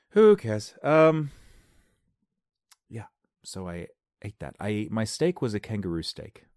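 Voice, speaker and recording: A man's voice: lowish voice, moderate pace, dark tone, no echo, studio quality. A young man hosting a casual solo podcast from a dim room at home, rambling playfully and laughing at his own jokes. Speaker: podcast host.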